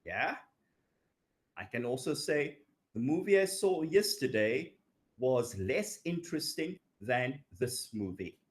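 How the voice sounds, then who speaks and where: In a recorded English grammar lecture, a man with a medium-pitched, sing-song voice takes his time. He draws out his words and keeps checking in with "okay" and "yeah."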